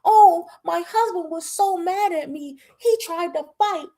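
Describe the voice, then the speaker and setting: A prissy young woman whines in a high, put-upon voice as a woman mimics her. She plays the victim with a breathy, pleading lilt, pitched well above an ordinary speaking voice. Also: measured pace, dark tone. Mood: mocking whine. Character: whiny, proper-talking young woman playing the victim.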